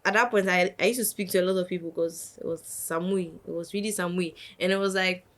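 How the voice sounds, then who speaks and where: A young woman, a podcast guest telling a lively story and acting out what others said. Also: lowish voice, fast talker. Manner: animated, acts out quotes of others. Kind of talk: casual storytelling.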